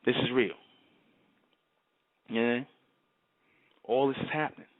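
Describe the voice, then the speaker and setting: A man's voice: mid-range voice, steady tone, takes it slowly. Emphatic man on a tinny line. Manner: emphatic, repetitive, often asks "you understand?". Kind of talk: fervent monologue to camera. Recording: tinny phone-like sound.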